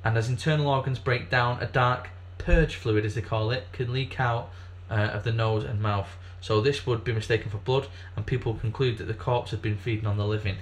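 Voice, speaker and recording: A man's voice: medium pitch, fairly even intonation, brisk, hardly any pauses, a little hiss or hum. A man co-hosting a casual comedy podcast, rambling through facts with lots of fillers and swearing. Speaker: podcast co-host.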